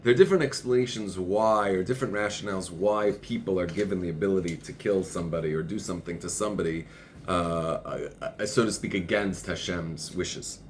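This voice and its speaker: A man's voice: low-pitched, a little fast, slight background noise. A man teaching religious texts in conversation, working through a passage step by step and reading parts of it aloud. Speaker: Torah teacher.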